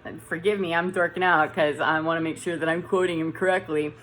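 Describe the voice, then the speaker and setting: A woman's voice: deep voice, steady tone, brisk, a bit bright, rough recording. A woman talking casually to camera in a dim room, rambling and correcting herself as she goes. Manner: rambling, self-correcting, chatty. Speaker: vlogger.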